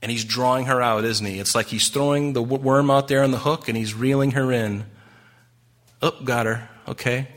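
A man's voice: medium pitch, steady tone, brisk, hardly any pauses, a bit bright. A man preaching a sermon in a conversational way, asking the congregation rhetorical questions and acting out the voices in his stories. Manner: acts out quoted voices. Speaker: pastor.

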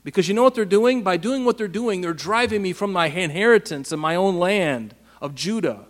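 A man's voice: sits high, brisk. Man preaching in a reverberant hall. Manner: animated, asks rhetorical questions. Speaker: pastor. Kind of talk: conversational Bible-teaching sermon.

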